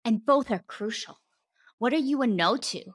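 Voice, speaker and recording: A woman's voice: a little high, animated, normal speed, dry recording, clean studio sound. A woman hosting a podcast, a former therapist speaking in an earnest, emphatic reflective monologue, stressing points by repeating words and sometimes laughing or swearing casually.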